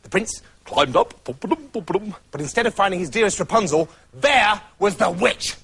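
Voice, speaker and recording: A man tells a comic fairy tale with a playful, theatrical delivery. His voice is fairly high and very lively, jumping around in pitch. He throws himself into the telling. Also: fairly quick, gravelly. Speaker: storyteller.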